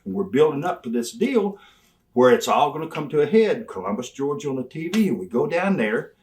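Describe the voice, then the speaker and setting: An older man as an interview guest, spinning stories with plenty of animation. His voice sits a little high and swings widely in pitch. He slips into dialogue as he tells them. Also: sing-song, a little fast, a little mellow, recorded from a distance. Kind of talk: storytelling in an interview.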